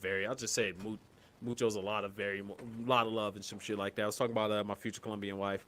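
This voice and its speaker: A young man from Colorado co-hosting a casual podcast, rambling and profane, breaking into loud hyped yelling. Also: fairly low pitch, little pitch movement, racing. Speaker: podcast co-host.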